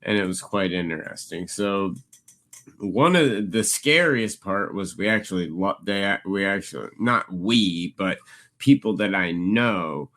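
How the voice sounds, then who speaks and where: A man with a slightly low but bright, forceful voice tells stories on a casual podcast. He is animated and jumps up in pitch to act out the people he quotes. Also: measured pace. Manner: animated storyteller, acts out quoted people in a raised voice. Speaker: podcast co-host.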